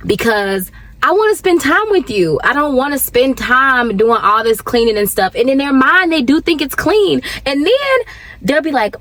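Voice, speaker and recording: A woman, chatting casually to camera from her car, animated and talkative with sudden high jumps and laughs. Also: unhurried, no room sound. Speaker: vlogger, working mom.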